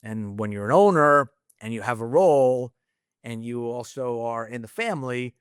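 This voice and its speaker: A man's voice: medium pitch, moderate pace, clear, resonant tone, dry recording, clean studio sound. A middle-aged man talking candidly as a podcast guest, casual and rambling, swearing freely. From United States. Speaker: guest entrepreneur.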